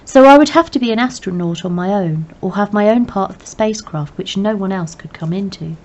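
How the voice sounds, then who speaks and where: A woman reading a novel aloud in plain, measured first-person narration. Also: mid-range voice, slight background noise. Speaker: reader. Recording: dull lo-fi recording.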